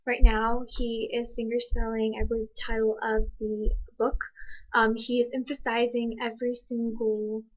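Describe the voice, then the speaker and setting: A woman giving thoughtful, hesitant commentary on a signed video, pausing often with ums. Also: on the high side, flat delivery, dull audio. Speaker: interpreting student.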